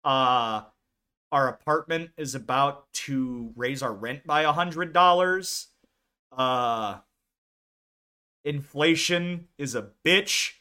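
A man's voice: medium pitch, slow, bright, forceful tone, clear, resonant tone. A young American man co-hosting a casual podcast, chatting in a laid-back, rambling way and laughing often. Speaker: podcast co-host. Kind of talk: casual chat.

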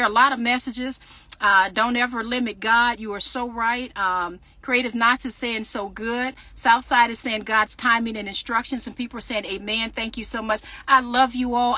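A bright, fervent woman preaching live into her phone from a parked car. Her voice sits a little high and sounds close and dry. She speaks right to her viewers and reads out their comments. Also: steady tone, normal speed, no echo. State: sweating in a hot car. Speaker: faith podcaster and author. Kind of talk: casual livestream preaching. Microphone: phone livestream.

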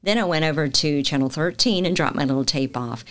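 A middle-aged news anchor from Macon, Georgia, speaks with a Southern accent in a fairly quick, low voice. She's a guest in a casual interview, recounting her career and acting out the lines she quotes.

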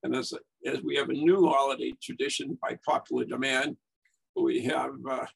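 Male host, gravelly, husky, halting casual sign-off, recorded from a distance. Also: mid-range voice, little pitch movement. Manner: halting, informal. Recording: distant from the mic.

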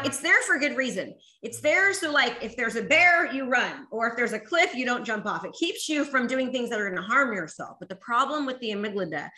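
A woman giving an energetic motivational talk to a live audience, repeating phrases and rallying the crowd to join in. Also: fairly high pitch. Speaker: motivational speaker. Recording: echoey room.

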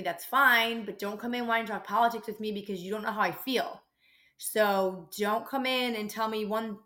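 A woman's voice: mid-range voice, pushed and bright. A woman hosting a podcast, telling a work story in a blunt, exasperated way and swearing freely. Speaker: podcast host and dental office receptionist. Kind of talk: casual storytelling rant.

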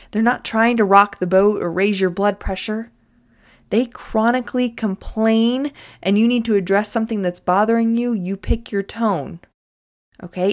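Woman, advice host; frank, direct coaching delivery to camera. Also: medium pitch. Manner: frank, coaching, addresses listener as "you". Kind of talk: direct-to-viewer advice talk.

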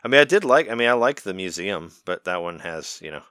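A man co-hosting a casual podcast, giving blunt opinions with quick laughs and stammered repeats. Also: sits low, lively intonation, a bit bright, no room sound, clean studio sound. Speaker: podcast co-host. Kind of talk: casual chat.

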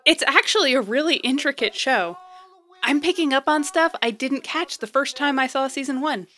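A woman's voice: high voice, normal speed, pushed and bright. A woman voicing an earnest young would-be romance writer who talks eagerly and gets flustered under teasing. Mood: defensive. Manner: eager, flustered when teased. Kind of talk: audio drama acting.

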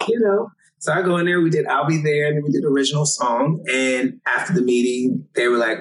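A young man, a singer from Los Angeles, telling stories in an interview, animated and quick to laugh. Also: mid-range voice, distant mic, poor audio. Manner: animated, acts out quotes, laughs often. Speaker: singer, guest. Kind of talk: storytelling interview.

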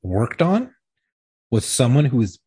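Husky ex-cop man telling blunt profane stories. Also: mid-range voice, sing-song, measured pace, dark tone, no room sound. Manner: profane, storytelling with acted-out quotes. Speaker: former police officer. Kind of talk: casual podcast chat.

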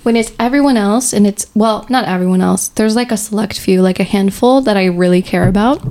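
A woman's voice: mid-range voice, brisk, dark tone. Teasing woman on a casual podcast. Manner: teasing, playful. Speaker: podcast co-host. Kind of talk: casual chat.

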